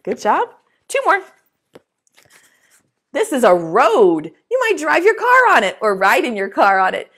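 Woman, preschool teacher, encouraging, unhurried, animated pitch. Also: breathy edge. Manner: slow, sing-song and encouraging, asks children to repeat words. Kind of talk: preschool lesson for young children.

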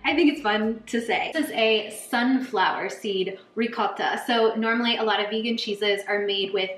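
A woman's voice: mid-range voice, moderate pace. Bubbly young woman in an echoey kitchen. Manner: bubbly, chatty, addresses viewers directly. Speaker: cooking channel host. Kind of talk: casual cooking tutorial. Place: home kitchen.

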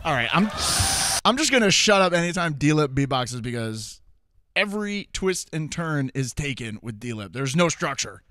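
High, wildly animated reacting man. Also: moderate pace. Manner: exclamatory, gushing, swears casually. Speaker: reaction video host. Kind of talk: excited reaction commentary. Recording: loud music playing underneath.

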